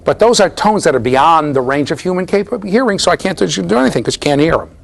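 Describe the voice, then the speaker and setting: Middle-aged guy lecturing in a hall, lively up-and-down voice, keeps asking right? okay?. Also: on the high side, fast talker, gravelly. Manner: animated storytelling, mimics voices, asks the class "right?". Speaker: university lecturer. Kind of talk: classroom lecture.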